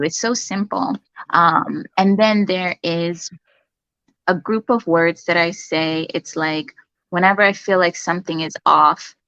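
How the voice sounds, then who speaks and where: A woman who is a nurse, a guest in a casual interview chat, talking in a calm, reflective way with many fillers. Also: on the low side, no echo, highs cut off.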